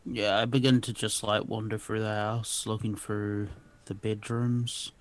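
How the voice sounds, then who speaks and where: Male player, tabletop game, slow unhurried speech, casual manner. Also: on the low side, flat delivery. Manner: casual, laughs often. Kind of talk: declaring actions in a tabletop game.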